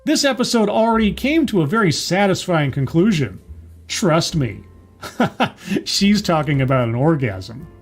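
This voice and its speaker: A man with a fairly high voice reviews a TV episode in a loose, chatty recap. His delivery is sarcastic and mocking. Faint music sits under the voice. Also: sing-song, measured pace. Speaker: TV show reviewer.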